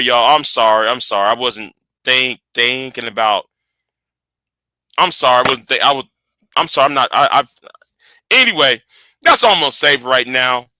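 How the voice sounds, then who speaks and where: Early-40s man, home livestream host. Rambling, repeats himself, slangy, bright tone, dry close sound. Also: mid-range voice, no echo. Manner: rambling, repeats words, talks to chat. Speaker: channel host. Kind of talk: casual livestream chat with viewers.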